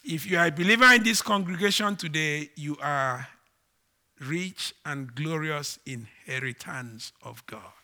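Man preaching slowly and brightly. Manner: slow, emphatic preaching with dramatic swings in pitch and volume. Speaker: pastor. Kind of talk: sermon.

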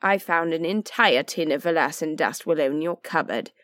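A woman's voice: low-pitched, normal speed, fairly bright tone, no room sound. Woman playing a droll sardonic nobleman. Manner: droll, languid and teasing. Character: dry, sardonic aristocratic man, lazy and witty.

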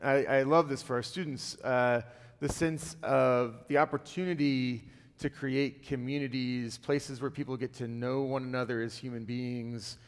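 A panel moderator and historian wrapping up a discussion, with many restarts and quiet murmurs of agreement. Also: medium pitch, steady tone, a little slow, smooth. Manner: frequent murmured backchannels, warm hesitant restarts. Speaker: moderator and host of the series. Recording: long hall reverb.

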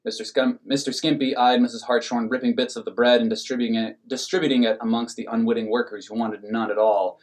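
A man narrating an absurd comic story in a deadpan, matter-of-fact way. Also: medium pitch, quick pace, hardly any pauses.

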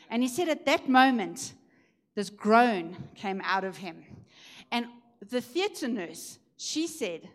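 A woman preaching a testimony, telling the story in a lively way and growing emphatic at the high points. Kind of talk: sermon testimony.

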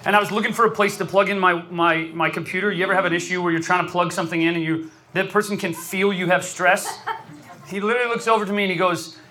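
A man giving an energetic, joking sermon to a live crowd, often calling out loudly. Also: high-pitched, quick pace, a little hiss or hum. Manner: loud, animated, joking with the crowd. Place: large venue with live audience.

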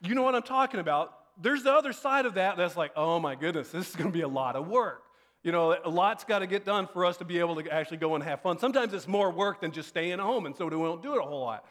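A man's voice: lively intonation, fast talker, hardly any pauses, fairly bright tone. A man in his thirties preaching a sermon. He tells a family story in a chatty way and acts out what he and his kids said. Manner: conversational storytelling, acts out quoted lines with rising pitch. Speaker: pastor.

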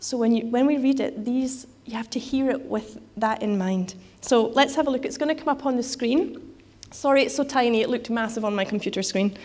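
Chatty woman preaching, slightly high voice. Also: a little fast, hardly any pauses, darkish tone. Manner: conversational, with frequent fillers and restarts. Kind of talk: sermon.

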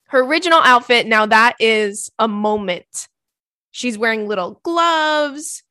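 A young woman hosting a podcast, chatting casually, ranting and laughing often, her voice swinging between loud and soft. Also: a little high, animated, measured pace, no echo, clean studio sound. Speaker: podcast host. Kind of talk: casual chat.

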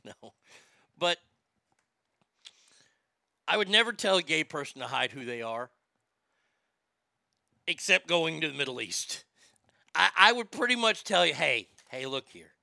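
A man's voice: on the high side, very animated, unhurried, gravelly, pauses often, bright, forceful tone, no room sound, clean studio sound. A man hosting a comedic talk show, laughing often and stammering as he jokes crudely. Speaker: radio show host.

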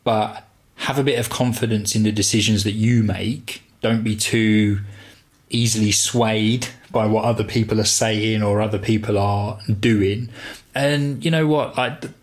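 Relaxed low-voiced male podcaster. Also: unhurried. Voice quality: relaxed, rambling, many fillers. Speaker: podcast co-host. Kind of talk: casual chat.

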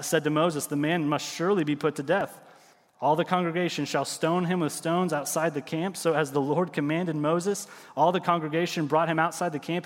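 A middle-aged man preaching a sermon, telling stories with lively swings and dropping to quiet emphasis. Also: a little high, in a large hall. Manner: animated storytelling, drops to quiet emphasis. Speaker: pastor.

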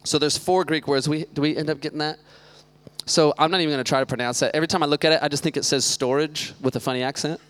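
A man's voice: fairly high pitch, fairly even intonation, fast talker, fairly bright tone, smooth. A man in his thirties giving a casual, chatty sermon with lots of joking asides, speaking as a church youth pastor. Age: 30s.

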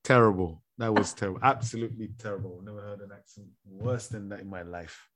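A man's voice: fairly low pitch, steady tone, quick pace, a bit bright. A man co-hosting a podcast in casual chat, teasing his co-host and building up questions with playful setups.

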